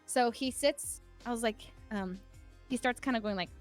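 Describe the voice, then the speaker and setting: A woman's voice: a little high, moderate pace, soft background music. A young woman in her twenties, a podcast guest telling a story casually and animatedly, full of "like" fillers.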